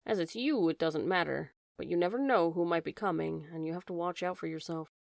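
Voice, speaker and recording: A woman voicing a cross, busy male grasshopper who talks in a rasping, grumbling voice. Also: fairly low pitch, fairly quick, no echo, studio quality, pitched below the performer's own voice.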